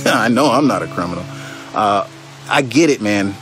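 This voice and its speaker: A man's voice: mid-range voice, lively intonation, moderate pace, fairly bright tone, soft background music. A young man delivering an impassioned, exasperated political rant, swinging between weary sighs and raised outbursts. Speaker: commentator.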